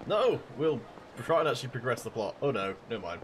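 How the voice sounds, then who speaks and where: Lively man narrating a game. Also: mid-range voice, quick pace, a little hiss or hum. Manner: reads game dialogue aloud in put-on voices. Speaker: let's play host. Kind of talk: casual let's play commentary.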